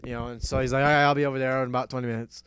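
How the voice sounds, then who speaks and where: A young man hosting a casual talk show, telling a story in an animated way, laughing and swearing often. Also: medium pitch, very fast, smooth, no room sound, studio quality. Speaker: podcast host.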